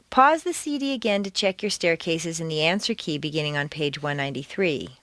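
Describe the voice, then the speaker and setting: Woman reading accent training drills, super expressive pitch, dry close sound. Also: no room sound. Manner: clear, deliberate, with exaggerated stress in examples. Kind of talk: scripted instructional narration.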